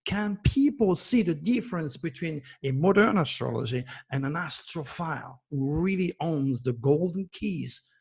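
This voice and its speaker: Boastful gravelly man in his seventies. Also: fairly high pitch, animated, moderate pace, few pauses, a little mellow. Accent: French. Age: 70s. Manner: boastful, preachy, emphatic. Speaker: astrologer host. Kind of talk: impassioned monologue to viewers.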